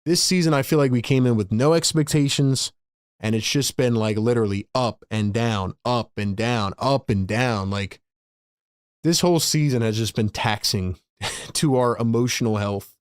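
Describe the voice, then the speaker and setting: This host and play-by-play caller runs a live fan show, talking quickly, laughing a lot, and reading viewers' messages when the action pauses. His mid-range voice is clear and resonant. The recording is studio quality with no echo.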